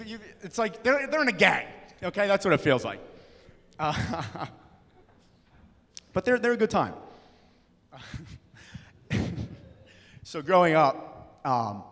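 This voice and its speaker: A young man doing a stand-up comedy set, loud and punchy, slipping into acted-out voices. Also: on the high side, big pitch swings, slow, long pauses. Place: comedy club stage. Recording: live room with long reverb.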